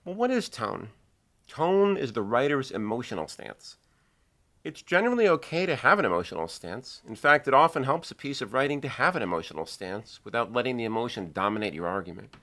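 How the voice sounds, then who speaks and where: A middle-aged man giving a measured, earnest video lesson on writing. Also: mid-range voice, big pitch swings, bright, forceful tone. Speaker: writing teacher.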